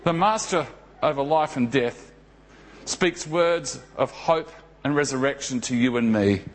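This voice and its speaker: Man, pastor, sermon, storytelling, rhetorical questions, slow. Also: medium pitch.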